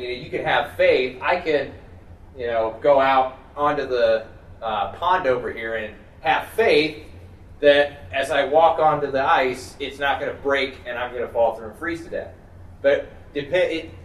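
Male Bible study leader, mid-pitched, conversational, lots of fillers and restarts, distant mic in an echoey room. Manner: thinks aloud with many fillers and restarts. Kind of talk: conversational teaching. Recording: roomy, distant mic, faint background noise.

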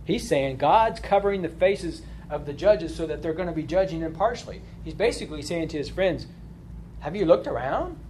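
A man's voice: a little high, fairly quick, few pauses, a little mellow, slight background noise. A man leading a Bible study, explaining informally and often checking in with a rhetorical "right?". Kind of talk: conversational Bible study lesson.

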